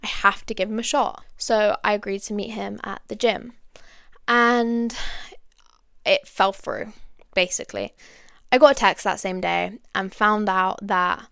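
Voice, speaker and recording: Young woman with a gravelly voice. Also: medium pitch, fairly even intonation, unhurried, a bit bright, dry recording, clean studio sound. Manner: candid and confiding, with many fillers and asides to listeners. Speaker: podcast host. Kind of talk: personal storytelling monologue.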